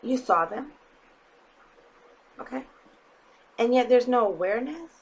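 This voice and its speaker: A woman's voice: fairly high pitch, expressive, measured pace, slightly rough, muffled recording. A woman giving a casual tarot reading to her viewers, blunt and emphatic, swearing freely and often checking in with "okay?". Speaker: tarot reader.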